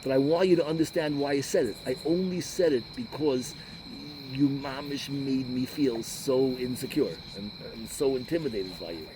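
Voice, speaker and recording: A man acting out a guilt-ridden husband who rushes through an apology to his wife, running himself down as he goes. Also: mid-range voice, noisy background, lightly acted. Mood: pleading, sheepish. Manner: rushed, self-deprecating confession.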